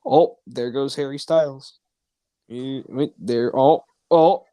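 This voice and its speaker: Brief: easygoing man commenting on a movie, unhurried, close and dry. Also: mid-range voice, dark tone, no room sound. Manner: rambling, laughs often, trails off. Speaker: watch-along host. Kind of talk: casual chat over a movie.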